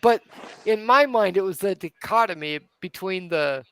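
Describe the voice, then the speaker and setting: A man in casual chat, telling stories with animated, acted-out quotes. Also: moderate pace, clean tone, no echo, low-quality recording. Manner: animated storyteller, jumps high acting out quotes.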